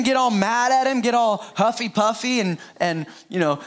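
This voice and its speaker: A middle-aged man preaching an Easter sermon in a high voice. He speaks straight to the congregation and often breaks off into playful jokes. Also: animated, moderate pace, few pauses. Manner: playful, joking asides, talks straight to the congregation. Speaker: pastor.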